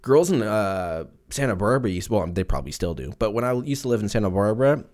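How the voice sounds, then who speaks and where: Male, 30s, podcast host; rambling, cursing, animated delivery. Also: on the low side, quick pace. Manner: profane, rambling, jokey, puts on silly voices for quotes. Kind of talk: casual solo podcast rant.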